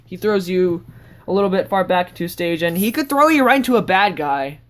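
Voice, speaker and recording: A woman vlogger giving a casual, rambling tour of her sketchbook, breaking into sudden excited outbursts. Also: lowish voice, fairly quick, slight background noise.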